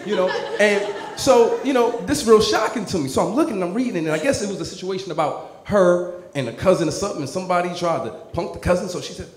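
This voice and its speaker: Profane, high-voiced stand-up comedian. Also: male voice, quick pace, few pauses, roomy sound, crowd noise. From New Jersey. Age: 30s. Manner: profane, animated storytelling, many filler restarts.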